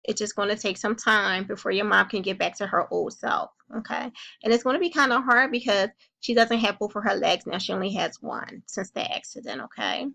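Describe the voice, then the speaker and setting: A woman playing a calm, caring counselor who gently comforts and reassures a young child in a role-played session. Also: mid-range voice, fairly quick, vocal fry, heavily acted. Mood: soothing.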